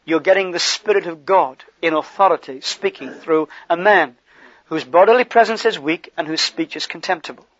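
Male preacher, high-pitched, conversational sermon delivery, muffled recording. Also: dry recording. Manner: conversational, animated preaching with gestures and asides.

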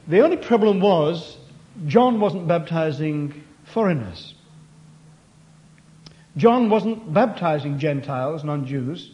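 High-voiced man preaching a sermon. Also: a little mellow, dull audio. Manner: storytelling, acts out questions and answers.

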